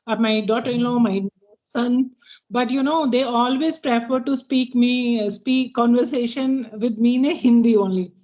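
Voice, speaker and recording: A middle-aged Indian woman in a casual English practice chat, talking hesitantly and often restarting her sentences. Her voice sits a bit high, and the recording sounds slightly muffled. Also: steady tone, moderate pace, darkish tone. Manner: hesitant, many fillers and restarts. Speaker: interviewee, NGO director.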